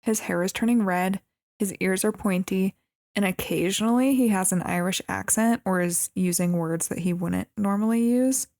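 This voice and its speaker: A woman's voice: medium pitch, normal speed, a little mellow. A woman co-hosting a podcast, recapping a movie plot in casual chat with wry, amused comments. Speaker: podcast co-host.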